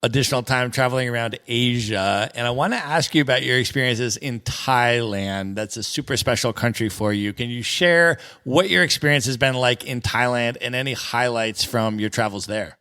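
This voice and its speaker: A man's voice: mid-range voice, moderate pace, hardly any pauses, sharp tone, clean tone. A man hosting a travel podcast, friendly and affirming as he sets up his questions. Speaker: podcast host. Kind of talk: interview questions.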